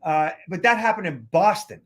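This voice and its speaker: Man, podcast host, high voice, chatty storyteller, stumbles and repeats words. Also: animated, moderate pace. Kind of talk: casual storytelling chat. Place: lives in Boston.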